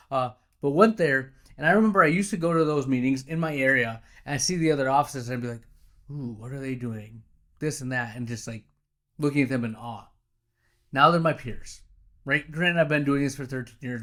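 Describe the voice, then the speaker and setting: A man's voice: medium pitch, a bit bright. A middle-aged man hosting a podcast, telling a story in a casual, conversational way and often checking in with "right?". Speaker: podcast host, practice owner. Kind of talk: casual motivational monologue.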